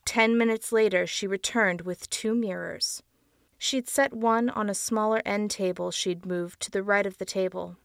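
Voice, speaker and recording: A woman narrating a dark audiobook story in a measured storytelling voice. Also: medium pitch, fairly even intonation, creaky, no room sound, studio quality. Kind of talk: scripted narration.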